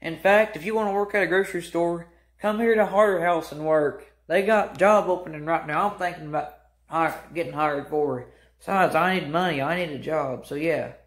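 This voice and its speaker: A young man telling a mocking, animated storytime rant as a vlogger. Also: fairly high pitch, moderate pace, reverberant. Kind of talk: ranting storytime vlog.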